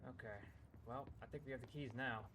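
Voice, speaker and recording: A man casually commenting while streaming a game, musing aloud in a relaxed way. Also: medium pitch, fairly quick, noisy background.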